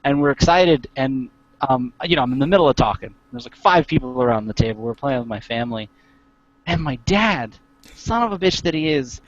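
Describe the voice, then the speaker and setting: A lo-fi, animated male storyteller. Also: medium pitch, no echo. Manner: animated storyteller, halting restarts. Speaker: tabletop game player. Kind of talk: casual chat among gamers.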